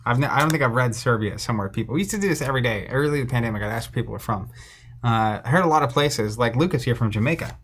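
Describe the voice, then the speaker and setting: A man's voice: medium pitch, rapid-fire, fairly bright tone, slight background noise. A man co-hosting a card game stream, casually reading out viewer comments and poking fun at himself. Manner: reads out viewer names and places, self-deprecating.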